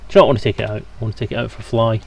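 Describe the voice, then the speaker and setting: A man's voice: lowish voice, steady tone, very fast, creaky, a little mellow. A British man from Scotland, streaming a game and chatting casually with his viewers as he plays. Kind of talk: casual live-stream gaming commentary.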